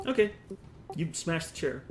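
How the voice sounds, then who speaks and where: Man, game master, slightly high voice, descriptive narration, faint noise behind. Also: very animated, moderate pace. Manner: descriptive, with asides and restarts.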